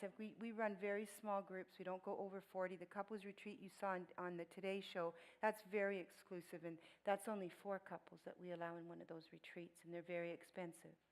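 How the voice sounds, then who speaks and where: Animated woman speaker telling a story. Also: medium pitch, rough recording. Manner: animated storytelling with laughs and voiced quotes. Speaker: guest speaker. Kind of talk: storytelling church talk.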